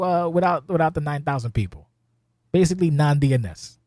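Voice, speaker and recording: A man's voice: medium pitch, moderate pace, darkish tone, no room sound, studio quality. A man hosting a podcast, talking loosely and profanely, rambling with sudden exasperated outbursts. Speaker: podcast host. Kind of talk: casual podcast chat.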